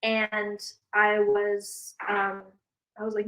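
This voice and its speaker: Chatty woman rambling to her viewers, swears a lot, bright sharp voice. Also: a little high, moderate pace, low-quality recording. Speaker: psychic vlogger. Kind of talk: casual chat to viewers.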